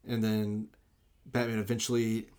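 A man's voice: on the low side, monotone, unhurried, darkish tone, clean tone. A man in casual film chat, rambling and enthusiastic, full of "like" and restarts.

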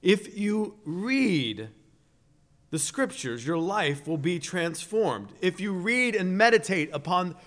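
A man preaching a sermon, slow and deliberate, building to emphatic swells on key phrases. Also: sits high, big pitch swings, a bit bright. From Virginia, USA.

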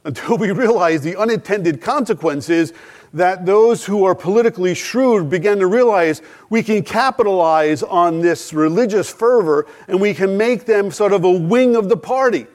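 A middle-aged man preaches with earnest conviction. His voice sits a little high for a man, and he leans on rhetorical questions and acted-out quotations. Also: animated, normal speed, a little mellow. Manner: earnest, rhetorical questions, dramatic quoted dialogue. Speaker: pastor. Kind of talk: sermon.

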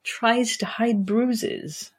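A sheltered young lady with an anxious, earnest manner, her voice lifted noticeably higher as a woman reads her part aloud. The tone is husky and breathy, and it swoops up and down as she pleads and confides. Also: sing-song, a little slow, exaggerated voice. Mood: confiding.

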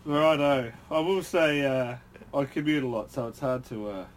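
A man's voice: mid-range voice, normal speed. A man ribbing his podcast co-hosts in casual banter, swearing freely and laughing often. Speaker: podcast co-host. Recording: background noise.

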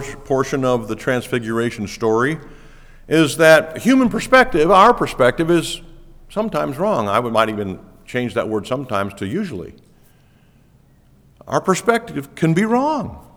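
A man preaching a sermon as pastor, lively and animated, laughing now and then. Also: mid-range voice, moderate pace. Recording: long reverb of a church hall.

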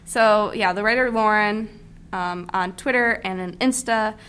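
A woman's voice: medium pitch, a little slow, a bit bright, clear, resonant tone. A college-age woman co-hosting a podcast in casual chat, joking and laughing often. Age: 20s. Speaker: podcast co-host.

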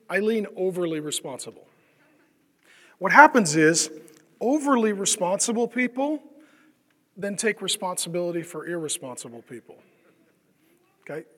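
With a high, sharp-toned voice, a man preaches as pastor in a large hall. His sermon is conversational: he asks the crowd questions and acts out the voices of the people he talks about.

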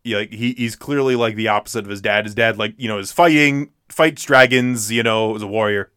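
Rambling young man, bright voice. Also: fairly low pitch, a little fast, clear, resonant tone, dry recording, studio quality. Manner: rambling, heavy use of "like". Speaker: podcast co-host. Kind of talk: casual chat.

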